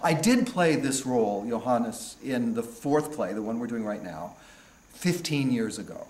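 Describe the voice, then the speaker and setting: In a reflective storytelling interview, a stage actor from California with an American accent recounts how he got into stage acting, unhurried and often restarting or trailing off. His medium-pitched voice is a little mellow, with lively intonation. The recording has a roomy echo and faint background noise.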